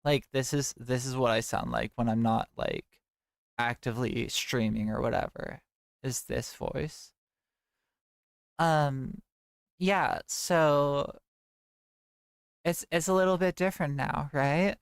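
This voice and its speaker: Young woman streamer, gravelly chatty rambling, dead dry mic. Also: extremely low pitch, fairly even intonation, takes it slowly, long pauses, no echo. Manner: chatty, rambling, reads chat aloud. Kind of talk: casual livestream chat.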